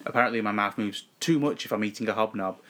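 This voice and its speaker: A man's voice: on the low side, quick pace, fairly bright tone. A man, co-hosting a podcast in playful casual chat. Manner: playful, repeats himself patiently. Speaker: podcast co-host. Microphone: podcast mic with headphones.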